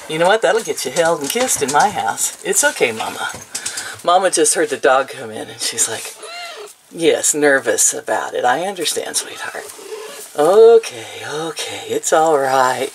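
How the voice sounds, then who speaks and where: A woman's voice: sits low, big pitch swings, normal speed, a little hiss or hum. An older woman vlogging at home, talking sweetly to her animals in baby talk. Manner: coos and baby-talks to the animals, laughs often. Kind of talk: casual vlog, talking to animals.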